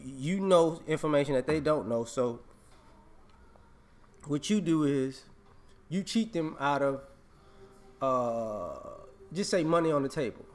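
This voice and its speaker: A man vlogging a casual opinion rant, emphatic and repetitive, scolding and laughing. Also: a little high.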